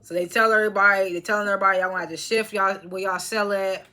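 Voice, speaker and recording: Rapid-fire and forceful, with a bright tone, a young woman recaps a TV episode in a medium-pitched, fairly even voice. She chews snacks as she goes, laughing frequently and linking ideas with fillers in a casual monologue.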